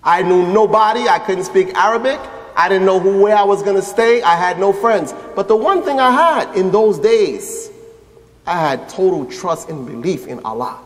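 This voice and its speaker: A man, an imam, telling his story in a lively religious lecture and acting out the voices of people he quotes. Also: high voice, normal speed. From United States. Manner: animated, acts out quoted voices. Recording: echoey hall with long reverb.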